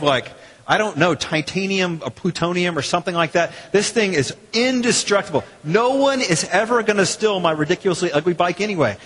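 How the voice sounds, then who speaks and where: A man, a pastor preaching a sermon in a church in a lively, conversational way with quoted asides. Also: high voice, husky. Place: church sanctuary. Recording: long hall reverb.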